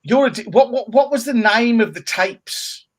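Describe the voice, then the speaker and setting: A man's voice: very high voice, expressive, normal speed. A man co-hosting a casual chat show, bantering and teasing his co-host while reading viewer comments. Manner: jokey banter, playful mocking impressions.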